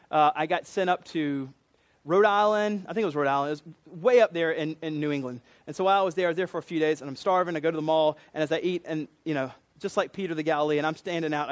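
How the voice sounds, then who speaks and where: A man with a Southern US accent preaching a sermon in a conversational way, acting out quotes in different voices. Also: a little high.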